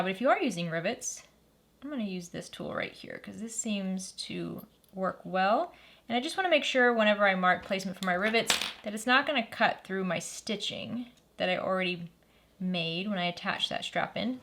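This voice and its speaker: A woman's voice: mid-range voice, animated, normal speed, fairly bright tone, a little hiss or hum. A woman hosting a sewing tutorial, walking through each step in a friendly, practical way and stopping now and then to correct herself.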